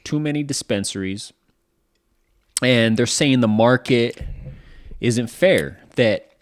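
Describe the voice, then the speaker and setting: A man co-hosting a casual podcast chat, easygoing and quick to agree. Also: mid-range voice. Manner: laid-back, lots of short agreeing replies. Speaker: podcast co-host.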